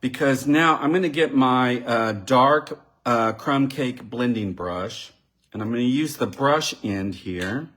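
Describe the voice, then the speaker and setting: Slow, chatty man demonstrating crafts. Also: medium pitch, a bit bright. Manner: chatty, thinks aloud while working; addresses live viewers directly. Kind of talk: live card-making demonstration.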